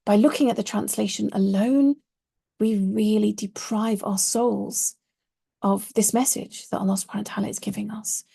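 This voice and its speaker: Gravelly, husky woman teaching Arabic. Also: medium pitch, dark tone. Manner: patient, explanatory, stresses key words. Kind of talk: online course lesson.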